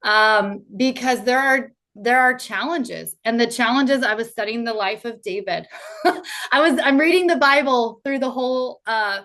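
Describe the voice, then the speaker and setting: Guesting on a faith podcast conversation, a woman in her thirties talks in a heartfelt, earnest way, her speech full of casual fillers. She has a fairly high, somewhat bright voice and keeps a measured pace.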